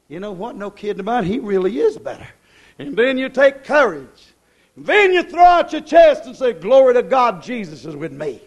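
A preacher man with an unusually high voice delivers a fervent, folksy sermon. He swings from loud shouted exclamations down to hushed, confiding asides and chuckles at his own turns of phrase. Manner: folksy rural speech, laughing at his own lines.

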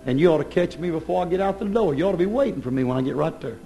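A man preaching a sermon, swinging from loud declaiming to low, intense pleading. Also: lively intonation, racing, vocal fry, soft background music.

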